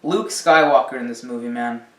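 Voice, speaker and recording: A man's voice: mid-range voice, moderate pace. A man ranting casually about a film, rambling with many ums and the odd swear word. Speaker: movie reviewer. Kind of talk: casual rant review. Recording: echoey room, distant mic.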